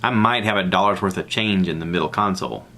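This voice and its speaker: A man from the American South with a Southern accent, hosting a podcast and telling a rambling, animated story alone. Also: fast talker. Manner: rambling, animated, acts out others' lines in a high voice. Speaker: podcast host. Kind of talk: casual solo storytelling.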